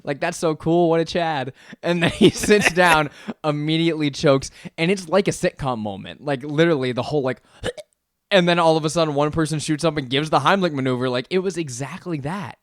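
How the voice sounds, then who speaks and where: Young guy on a podcast spinning a story, bit high voice, laughs a lot, dry close mic. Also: brisk, no echo. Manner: animated storyteller, laughs often, acts out quotes. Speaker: podcast co-host. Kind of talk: casual chat, telling a story.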